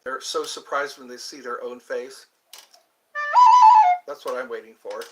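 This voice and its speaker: A man hosting a solo livestream, talking slowly and rambling, drifting into low murmured chanting. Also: steady tone, far from the mic, over loud music, poor audio. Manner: slow, drawn-out musing with low murmured chanting. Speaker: livestream host.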